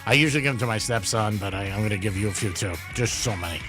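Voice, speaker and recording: A man hosting a morning radio show from a studio, easygoing and quick to laugh, taking teasing in stride. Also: on the low side, music in the background. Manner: easygoing, laughs often, apologetic. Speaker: radio host. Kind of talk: casual morning radio chat. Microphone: studio microphone.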